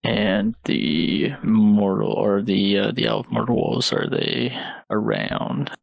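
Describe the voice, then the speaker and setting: A man's voice: lowish voice, steady tone, slow, creaky, no room sound, poor audio. A man playing a tabletop game, speaking earnestly and formally in character. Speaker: player. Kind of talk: tabletop role-play.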